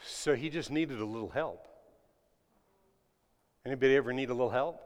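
A man preaching a sermon to his congregation, swinging between loud emphatic lines and hushed ones and asking them questions. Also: medium pitch, normal speed. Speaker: pastor. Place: church sanctuary. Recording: long reverb of a large hall.

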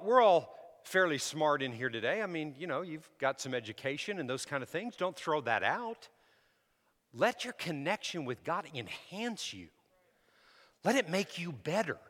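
A man preaching a sermon, shifting from relaxed storytelling to loud, emphatic exhortation. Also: fairly high pitch. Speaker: pastor. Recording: hall reverb.

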